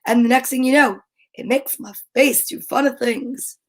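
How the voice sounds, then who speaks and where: A woman's voice: high-pitched, steady tone, moderate pace, poor audio. A middle-aged woman with a New Jersey accent hosting a cheerful kids' show in a playful, sing-song way. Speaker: children's show host. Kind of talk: cheerful live-stream chat for kids.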